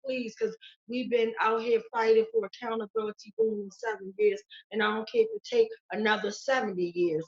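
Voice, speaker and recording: A woman's voice: a little high, very animated, brisk, creaky, lo-fi sound. A woman guest giving urgent, emotional testimony in an interview, pleading and repeating phrases. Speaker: interview guest, victim's sister.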